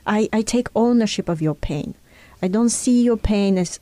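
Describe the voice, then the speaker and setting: Warm-voiced woman explaining earnestly. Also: medium pitch, moderate pace, no echo. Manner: earnest, teaching tone with personal examples. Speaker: speaker in a conversation.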